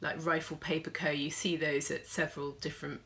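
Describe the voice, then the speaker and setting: A woman's voice: low voice, flat delivery, a little fast, bright, forceful tone. A young woman chatting casually to camera as a sewing vlogger, with plenty of fillers.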